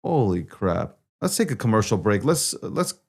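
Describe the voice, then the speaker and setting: A man with a low, gravelly voice hosts a casual livestream news show. He talks to himself, swears freely, and thinks out loud when things go wrong. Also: very animated, moderate pace, a little hiss or hum. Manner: frustrated, swearing, talking to himself. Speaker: host.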